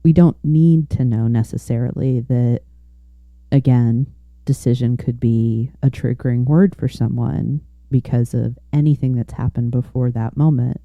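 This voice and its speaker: A woman hosting an interview, speaking in a thoughtful, affirming, measured way. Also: very deep voice, steady tone, no echo, lo-fi sound. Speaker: podcast host. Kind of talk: conversational interview.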